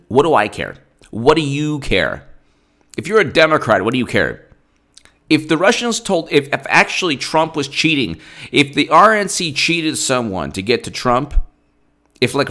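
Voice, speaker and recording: A man's voice: medium pitch, a bit bright. A man giving political commentary in a solo video, combative and rambling, with asides and quotes read from his phone.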